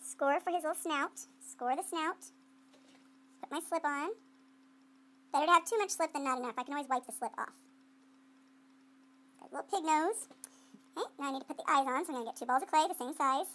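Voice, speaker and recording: A woman's voice: sits high, fairly quick, long pauses, sharp tone. A woman art teacher talking through a clay demonstration in a playful, chatty way, thinking aloud as she works and quizzing students. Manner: playful, talks to herself while working; call-and-response with students. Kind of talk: classroom demonstration.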